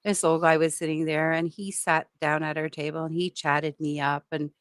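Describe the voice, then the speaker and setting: A woman chatting with friends on a podcast, her voice a touch low. She tells stories freely and laughs easily. The sound is close and dry, with no room around it. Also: little pitch movement, moderate pace, clear, resonant tone, no room sound. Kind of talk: casual chat.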